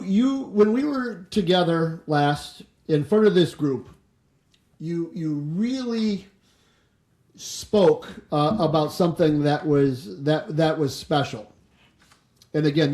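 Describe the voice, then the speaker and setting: A man's voice: a little high, takes it slowly, a little mellow. A man hosting a business podcast, talking casually and rambling with many restarts before he asks a question. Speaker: podcast host, home inspector. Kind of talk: casual interview chat. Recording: echoey room.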